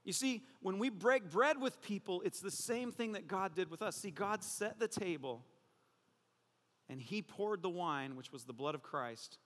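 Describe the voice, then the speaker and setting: Man preaching, high voice, bright and tense, animated joking storyteller, long hall reverb. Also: a little slow. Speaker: pastor. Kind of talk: sermon.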